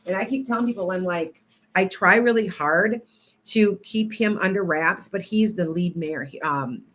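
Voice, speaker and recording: A woman's voice: medium pitch, slight background noise. A woman hosting a casual livestream as a psychic healer, rambling and chatty as she greets viewers by name between stories.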